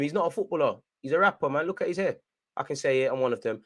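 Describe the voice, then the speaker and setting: Young man, live football watchalong, excitable, yells at the ref, slightly high voice. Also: very fast. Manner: excitable, shouts at the referee and players. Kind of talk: live fan commentary.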